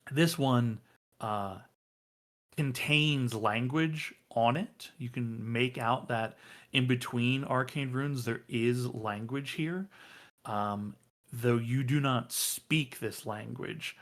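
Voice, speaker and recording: Slow, hesitant game master man. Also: mid-range voice. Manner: halting, many ums and uhs. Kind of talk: narrating a tabletop game.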